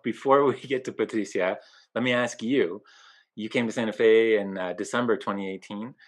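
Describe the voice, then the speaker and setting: A man hosting a webinar over a video call, welcoming and introducing his guests with occasional fillers. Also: lowish voice. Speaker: event host.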